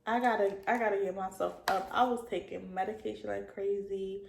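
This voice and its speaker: A young woman in her early twenties telling a casual storytime vlog, in slangy talk full of "like" that sometimes trails off soft. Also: mid-range voice, little pitch movement, a little fast, vocal fry. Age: young adult. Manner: casual slangy talk with many likes, drifting soft at times. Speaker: vlogger. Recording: echoey room with faint ambient noise.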